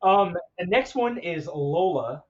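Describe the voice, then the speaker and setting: Rambling, laughing podcast host. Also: male voice, high voice, animated, takes it slowly, lo-fi sound. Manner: rambling, laughs between stories. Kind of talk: casual chat.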